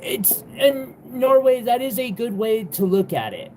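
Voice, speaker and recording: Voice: mid-range voice, very animated, unhurried, darkish tone, slight background noise. A young adult jewelry seller hosting a live sale, talking in a rambling, exasperated way with lots of fillers and the odd swear word. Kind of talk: casual livestream chat.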